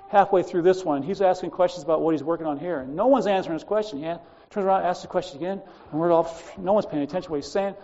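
A man's voice: high voice, vocal fry, darkish tone, muffled recording. A man teaching a Bible class, lecturing and telling stories from his school days to students, speaking to them directly in a chatty way.

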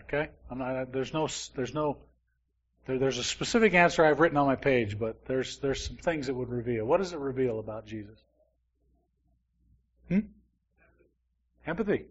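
A man's voice: mid-range voice, highs cut off. Conversational man teaching a Bible class. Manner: conversational, asks the class questions.

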